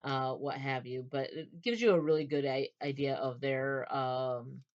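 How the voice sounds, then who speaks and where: A woman's voice: very deep voice, a little slow, highs cut off. A woman casually talking through a novel's characters, rambling with many fillers and restarts. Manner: rambling, many fillers and restarts, retells scenes in quoted voices. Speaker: book reviewer. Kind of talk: casual book talk.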